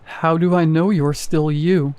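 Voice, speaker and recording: A man's voice: on the high side, steady tone, a little slow, a little mellow, dry recording, lightly acted. A man voicing a frightened young wife. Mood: uneasy. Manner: tense, shaky.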